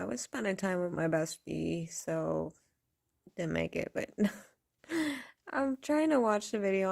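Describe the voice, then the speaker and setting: A woman's voice: lowish voice, creaky, darkish tone. A woman vlogger ranting casually to camera, blunt and profane, rambling and laughing often.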